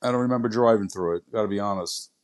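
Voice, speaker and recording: A man's voice: on the low side, fast. A man in casual podcast chat, teasing and laughing as he talks. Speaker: podcast co-host.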